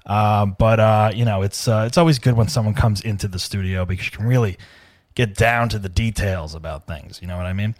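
A man's voice: on the low side, brisk, darkish tone, no echo, clean studio sound. A man hosting a comedy podcast in casual, rambling, joking chat with many fillers. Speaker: podcast host. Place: home studio.

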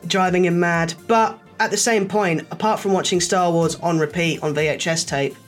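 Animated storytelling man, casual chat. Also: sits high, moderate pace, soft background music. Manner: animated storyteller, acts out quoted voices.

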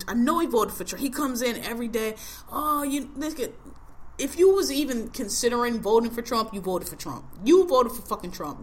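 Bright-voiced woman ranting angrily. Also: medium pitch, slight background noise. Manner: angry, profane, emphatic ranting. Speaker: podcast host. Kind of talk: casual ranting chat.

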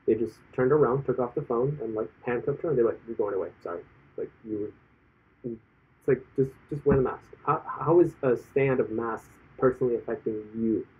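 A man's voice: medium pitch, brisk, hardly any pauses, breathy edge. A man in casual chat who rambles with many fillers and retells stories in quoted voices. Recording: tinny lo-fi phone-like audio.

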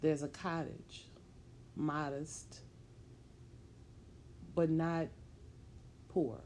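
A woman telling a story in a measured, plain-spoken way, in the present tense. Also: sits low, flat delivery, a little mellow, a little hiss or hum.

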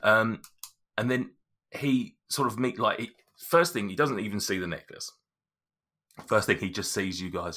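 A man's voice: fairly low pitch, moderate pace, bright, forceful tone. A man narrating as game master, hesitant and full of restarts.

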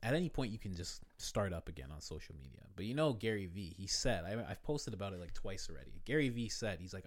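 Low-voiced guy just chatting, swears a lot, laughs a lot, pitch jumps all over, loud then quiet. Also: sing-song, fast talker, hardly any pauses. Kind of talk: casual chat.

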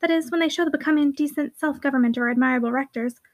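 A bold young heiress in a period storybook, teasing and quick to command, her high voice darting through lively exclamations, as a woman reads her. The talk runs fast and spirited. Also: no room sound. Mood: playful.

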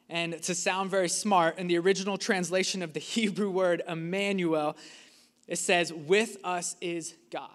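A man preaching a sermon as a pastor, earnest and emphatic, with dramatic pauses. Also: high voice, a bit bright, big-room sound.

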